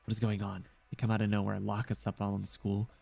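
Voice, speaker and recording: A man reading aloud, voicing a frightened young female student who hides from guards, murmuring her thoughts in a hushed, anxious way. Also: fairly low pitch, monotone, quick pace, creaky, soft background music. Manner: hushed, anxious inner monologue.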